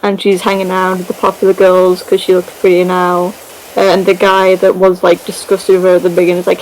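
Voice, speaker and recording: A woman's voice: on the low side, monotone, a little fast, a little mellow, slight background noise, poor audio. A woman gaming creator casually recapping a story over gameplay, chatty and rambling with many fillers and giggles.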